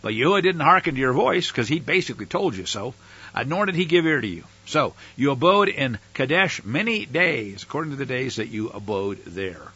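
A man's voice: medium pitch, big pitch swings, fairly quick, pushed and bright, slightly rough, dull audio. A man teaching from the Bible, reading scripture aloud with dramatic emphasis and breaking in with casual, plain-spoken asides.

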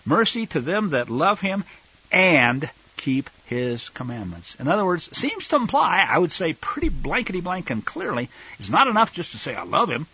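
A man teaching scripture in a sermon style, emphatic, swinging from loud stresses to quiet asides. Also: a little high, very animated, moderate pace, breathy edge. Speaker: Bible teacher. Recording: dull lo-fi recording, dry.

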